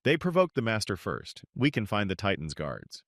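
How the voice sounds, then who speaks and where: A man's voice: lowish voice, wildly swooping pitch, normal speed, dry recording, clean studio sound. A man voicing a loyal young female shop assistant in a plain, matter-of-fact way.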